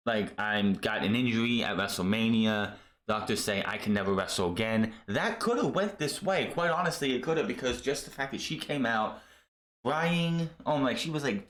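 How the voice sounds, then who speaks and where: A man casually recapping a wrestling show, rambling and animated, with many fillers as he retells the events. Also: medium pitch, reverberant.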